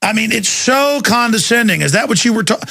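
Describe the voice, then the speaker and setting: Raspy high-voiced guy hosting talk radio, all fired up and mocking. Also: animated, a little fast, bright, forceful tone, no echo, clean studio sound. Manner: fired-up, sarcastic, mimics others. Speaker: radio host.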